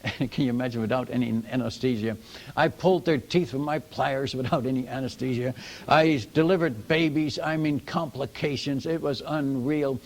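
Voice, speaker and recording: Gravelly older man preaching folksy stories. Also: medium pitch. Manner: animated, folksy, addresses audience as folks and friends. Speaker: missionary preacher. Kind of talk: storytelling sermon.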